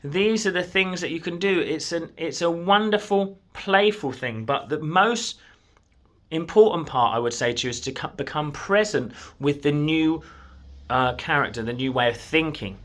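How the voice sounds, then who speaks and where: Sitting at a desk in his own room, a manifestation coach talks directly to the viewer in an earnest, encouraging motivational speech. His voice is a little high and a bit bright, and he speaks at a normal speed.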